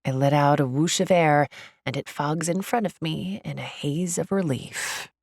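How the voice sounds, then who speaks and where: Low gravelly woman narrating an audiobook. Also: normal speed, darkish tone, dry recording, studio quality. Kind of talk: first-person audiobook narration.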